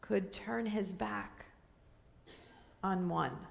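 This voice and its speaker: A woman pastor preaches in an unhurried, chatty way, often checking in with her listeners. Her voice sits at an ordinary mid pitch, and she is speaking in a church sanctuary. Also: vocal fry. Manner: conversational, asks the listeners questions, light laughter. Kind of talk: sermon.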